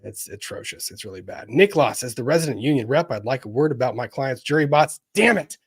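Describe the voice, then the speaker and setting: A man with a mid-range voice hosts a live legal reaction stream. He reads viewer messages aloud and answers them with quick, wry humor. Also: medium pitch, slightly rough. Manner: wry, animated, jokey asides. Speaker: lawyer streamer reading chat.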